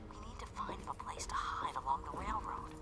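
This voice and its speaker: An actress voicing a secretive female resistance contact in a video game, speaking in a hushed, urgent way. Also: lowish voice, lively intonation, fairly quick, whispered, lightly acted. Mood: hushed urgency. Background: game music.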